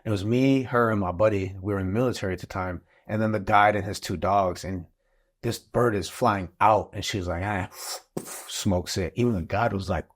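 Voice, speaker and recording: A man, a father and guest on a podcast, telling a story in a casual, animated way and acting out what people said. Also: on the low side, moderate pace. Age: adult father of school-age kids. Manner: animated, acts out quotes in the story.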